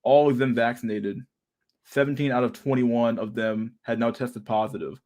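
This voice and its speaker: A young man talks through a casual livestream chat. His speech is loose, full of slang and swearing, and his tone is sarcastic. His voice sits at an ordinary middle pitch for a man. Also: steady tone, normal speed, darkish tone. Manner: profane, slangy, laughing, sarcastic. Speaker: livestream host.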